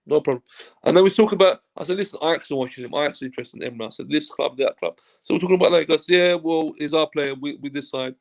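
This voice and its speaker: Gravelly man telling a story. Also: fairly high pitch, fast. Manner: animated storyteller who acts out quoted dialogue and swears freely. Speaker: football agent, interview guest. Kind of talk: casual anecdote told in an interview.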